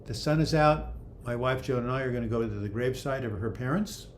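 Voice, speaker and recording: A man's voice: medium pitch, brisk, a little hiss or hum. Older man chatting on a livestream. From United States. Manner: chatty, reads viewer comments aloud and comments on them. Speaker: livestream host answering viewer questions. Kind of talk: casual live chat.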